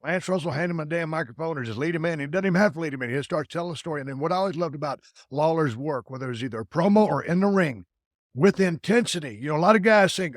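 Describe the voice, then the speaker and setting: A man's voice: fairly high pitch, fast, no echo, clean studio sound. A man hosting a podcast conversation, talking in a folksy, blunt way with casual cursing. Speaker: podcast host.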